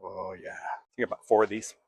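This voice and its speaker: A man's voice: lowish voice, flat delivery, a little fast, darkish tone, a little hiss or hum. A man hosting a casual home cooking vlog, talking to himself in a playful, jokey way while he cooks in his kitchen.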